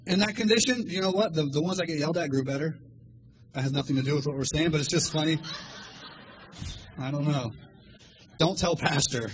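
A man in his thirties preaching a sermon, telling stories with animated energy and acting out voices. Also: sits high, a little fast, long pauses, slight background noise, rough recording. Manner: animated storytelling, acts out voices. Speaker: lay preacher.

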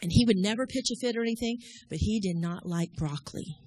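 A woman's voice: mid-range voice, quick pace, a little mellow, breathy edge, no room sound. A middle-aged woman, giving a sermon in a folksy, storytelling way. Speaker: church speaker.

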